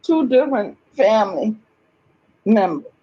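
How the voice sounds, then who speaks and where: A woman's voice: a little high, very animated, a little slow, warm tone, dull audio. A woman talking in an agitated, rambling monologue, emphatic and swearing often, repeating herself.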